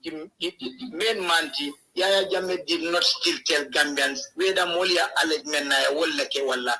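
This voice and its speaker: A man's voice: a little high, normal speed, pushed and bright, rough recording. A man calling in to a political show, speaking hesitantly with fillers and repeated words. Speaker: caller. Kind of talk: political commentary on a call-in show.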